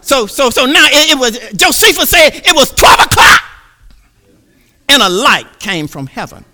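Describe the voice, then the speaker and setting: A male preacher with a high, sharp, piercing tone. He swings from low murmurs up to shouts, repeating words as he builds momentum in his sermon. His pitch leaps all over the place. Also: big pitch swings, moderate pace.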